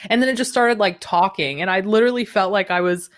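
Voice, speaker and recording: A woman's voice: medium pitch, fast. A young adult woman hosting a podcast, talking in a casual, rambling, confessional way full of fillers. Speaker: podcast host.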